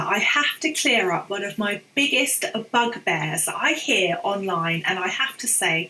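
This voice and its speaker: Woman chatting to camera, bright voice, slow and easy, opinionated with little asides. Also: mid-range voice. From England. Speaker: online English teacher and business coach. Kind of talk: casual talk to camera. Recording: roomy echo.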